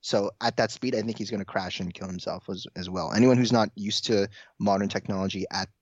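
Guy chatting on a podcast, lowish voice, rambly and speculative, dry close mic. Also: fairly even intonation, a little fast, dry recording, muffled recording. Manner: rambling and speculative, full of "like" and restarts. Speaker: podcast co-host. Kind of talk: casual chat.

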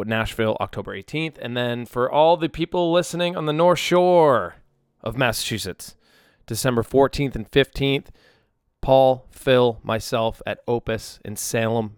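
A chatty musician in his thirties hosts a casual solo podcast from his Nashville home, livestreaming on a tablet and phone. His smooth, mid-range voice rambles with many ums and self-corrections, and the sound is clean studio quality with no echo.

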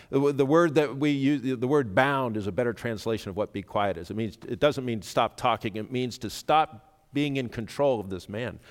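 A man preaching a sermon, speaking earnestly and rising to sudden loud emphasis when he quotes. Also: mid-range voice, normal speed. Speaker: pastor. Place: church sanctuary. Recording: reverberant church hall.

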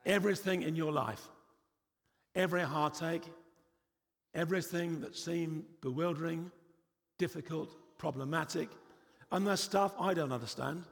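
A man's voice: a little high, normal speed, creaky, long pauses, in a large hall. A man preaching a sermon in a church, emphatic and repetitive, with frequent rhetorical questions.

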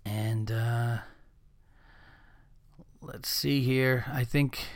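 A man hosting a podcast, talking casually in a rambling, profane, animated way. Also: medium pitch, drawn-out words, vocal fry, no room sound, studio quality. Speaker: podcast host.

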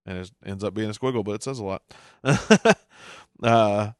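A man's voice: fairly low pitch, normal speed, clean tone, no room sound, studio quality. A man hosting a casual episode recap, chuckling often as he reads out the captions. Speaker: show recap host.

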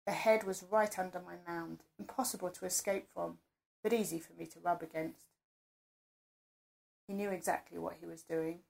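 A woman narrating an intimate first-person audio story in a soft, close, breathy storytelling manner. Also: lowish voice, fairly even intonation, normal speed, pauses often.

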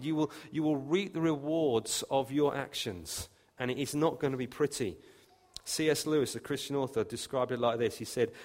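Man preaching in a reverberant hall. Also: medium pitch. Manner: emphatic, rising loud on quoted scripture. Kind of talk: sermon.

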